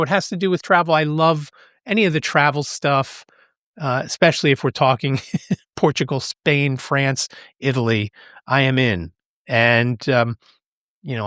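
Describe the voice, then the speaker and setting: A man talks through his trip in a casual, rambling vlog, restarting sentences and laughing lightly as he goes. His voice sits a touch high for a man. The sound is dry and close, with no room echo. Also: a bit bright, clear, resonant tone. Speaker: podcast host.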